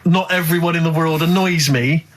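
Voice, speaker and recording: A man's voice: fairly high pitch, steady tone, moderate pace, background noise. A man co-hosting a radio show, wry and mock-exasperated as he ribs his friend. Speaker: radio co-host. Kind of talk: casual radio chat. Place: radio studio.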